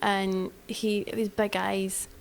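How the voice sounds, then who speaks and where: A woman co-hosting a podcast in casual chat, gentle and agreeable, chiming in with short reactions. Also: medium pitch, flat delivery, slow, vocal fry, slight background noise.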